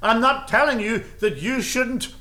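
A man's voice: very high voice, a little slow, bright, forceful tone. A man preaching a sermon, driving his points home with repeated phrases and casual asides. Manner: emphatic, repetitive preaching cadence with asides.

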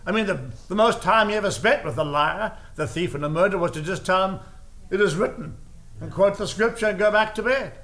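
A man's voice: high voice, quick pace, few pauses, fairly bright tone. A man preaching a sermon, driving his points home with repeated phrases and casual asides. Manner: emphatic, repetitive preaching cadence with asides.

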